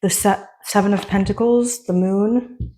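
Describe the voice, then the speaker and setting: A woman's voice: medium pitch, steady tone, a little slow, mellow. A woman who is pregnant, a tarot reader chatting casually and rambling through a story with lots of fillers before starting a card reading.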